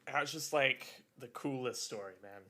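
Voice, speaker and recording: Bright-voiced man telling a story. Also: mid-range voice, normal speed. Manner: relaxed storytelling, lots of "like" fillers. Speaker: podcast co-host. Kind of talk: casual chat.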